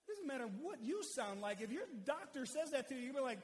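A man's voice: very high-pitched, sing-song, fairly quick, few pauses. A man preaching an expository sermon in a conversational, explanatory way. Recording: long hall reverb.

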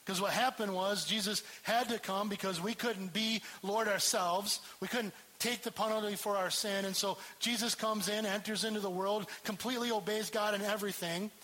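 A man's voice: sits high, steady tone, moderate pace, hardly any pauses, bright, forceful tone, poor audio. A man preaching a sermon as pastor, emphatic and repeating key words for stress.

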